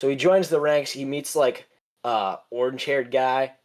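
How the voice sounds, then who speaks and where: A man's voice: mid-range voice, steady tone, moderate pace. A young man rambles through a casual podcast chat, full of fillers and restarts. He swears freely and keeps a loose, offhand delivery. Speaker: podcast co-host.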